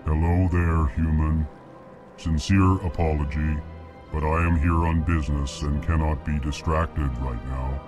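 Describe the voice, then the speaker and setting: A very deep, slow alien ambassador. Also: male voice. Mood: formal. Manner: flat, slow, announces his emotions. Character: slow monotone alien male ambassador, formal. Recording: game audio over music.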